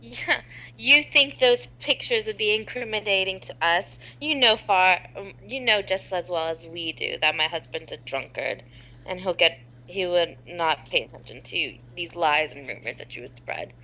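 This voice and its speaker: A woman voicing a scheming, sharp-tongued wife who talks with scorn. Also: on the low side, normal speed, voice pushed down, low-quality recording. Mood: scornful. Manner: scornful, bargaining.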